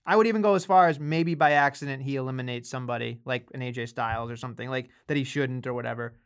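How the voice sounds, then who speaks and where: A man's voice: mid-range voice, fast talker, smooth. A man co-hosting a casual wrestling podcast, rambling along with fillers and restarts. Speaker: podcast co-host.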